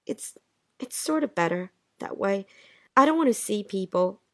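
Voicing Jean in a drama reading, a woman pleads with her absent husband as an anxious, lovesick wife, sounding sad, breathless and emotional. Her medium-pitched voice is a bit bright, with lively intonation and a moderate pace, in a dry, clean studio recording.

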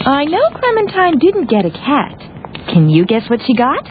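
A playful cartoon mom. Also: female voice, high voice, wildly swooping pitch, normal speed, a little hiss or hum. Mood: coaxing. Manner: kind, coaxing, playful. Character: warm caring young mother. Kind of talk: cartoon voice acting. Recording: tinny lo-fi audio with loud music.

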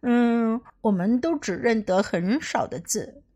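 A woman's voice: fairly high pitch, animated, a little slow, dark tone, muffled recording. A woman reading as a weary farmer father. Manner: tired and reluctant.

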